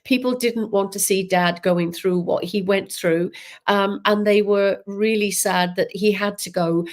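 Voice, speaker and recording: A woman giving a live psychic reading, talking gently and haltingly with many ums and restarts. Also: medium pitch. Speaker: psychic medium. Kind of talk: live spiritual reading, unscripted.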